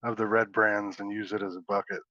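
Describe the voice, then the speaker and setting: A man's voice: on the low side, little pitch movement, fairly quick, dry recording, muffled recording. A man playing a tabletop game over an online call, offhand and a little unsure. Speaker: player. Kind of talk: casual game table chat.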